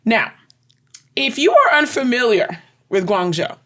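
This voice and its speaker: Woman cohosting a chatty podcast, animated storyteller, leans on words for emphasis. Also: a little high, a little slow. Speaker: podcast co-host. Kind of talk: casual chat.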